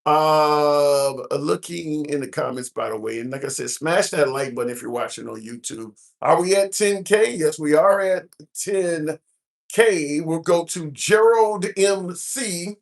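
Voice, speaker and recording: Man from the Midwest, livestream host, chatty, reads comments aloud, slightly high voice. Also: unhurried, creaky. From American Midwest. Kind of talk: casual live-stream chat. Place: cruise ship at sea.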